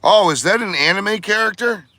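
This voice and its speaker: A man's voice: sits high, normal speed, gravelly, pushed and bright. A man chatting casually to his vlog audience in a rambling, jokey and profane way. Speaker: vlogger.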